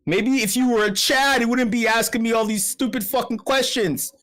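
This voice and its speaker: A man's voice: very high voice, steady tone, normal speed, a bit bright. A man hosting an online meetup, rambling through profane comic rants full of restarts and repeated words. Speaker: meetup host. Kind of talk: casual livestream chat.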